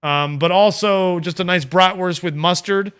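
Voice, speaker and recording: A man's voice: high voice, normal speed, fairly bright tone, smooth. A man from Northern Illinois hosting a casual watch-party stream, chatting enthusiastically and swearing casually. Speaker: stream host. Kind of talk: casual chat.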